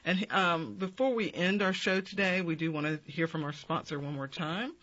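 Lady radio host wrapping up the show, formal and clear, kinda muffled lo-fi sound. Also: lowish voice, fairly bright tone. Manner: clear, formal sign-off delivery, spells out addresses slowly. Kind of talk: radio interview hosting.

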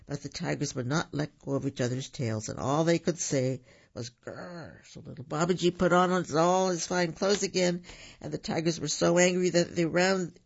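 A man reading a children's story aloud for a radio program, animated and correcting his slips as he goes, with a husky, gravelly voice. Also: on the high side, moderate pace. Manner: animated, with some stumbles and self-corrections. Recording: dull lo-fi radio recording.

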